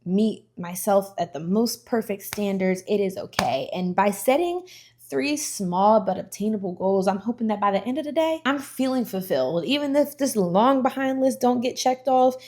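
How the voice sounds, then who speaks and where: A young woman talking to her viewers in an animated, emphatic and casual way, giving motivational advice on her vlog. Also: mid-range voice. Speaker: vlogger. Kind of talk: motivational vlog talk to the camera.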